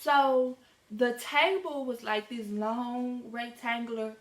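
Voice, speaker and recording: A teenage girl with a slightly high voice tells a casual, slangy storytime and acts out all the dialogue herself. The room around her is echoey and bright with reflections. She sounds animated throughout. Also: slow pace. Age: teens. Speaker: vlogger.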